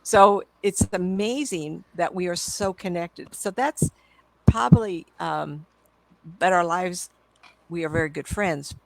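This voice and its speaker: A woman in her seventies, a psychic medium, telling stories to an audience in an excitable, chatty way with frequent laughs. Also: lowish voice, a little slow, creaky. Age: 70s. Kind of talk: storytelling talk to an audience.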